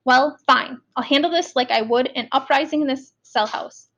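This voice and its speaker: A woman's voice: sits high, moderate pace, fairly bright tone. A woman voicing a stern, hot-tempered middle-aged male prison warden who lectures and scolds.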